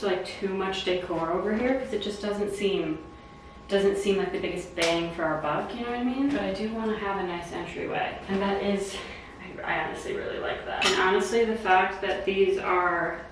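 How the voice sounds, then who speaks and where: A woman's voice: medium pitch, a little hiss or hum. Bubbly American woman vlogging at home. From United States. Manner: bubbly, gushing, lots of "like" fillers. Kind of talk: casual chatty vlog narration. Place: at home, indoors. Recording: roomy echo at home.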